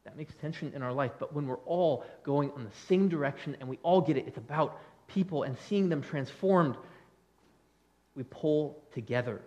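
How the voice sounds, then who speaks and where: A male pastor preaching a conversational sermon, acting out quick bits of dialogue as he goes. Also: on the high side. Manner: animated, conversational preaching with quick acted-out quotes.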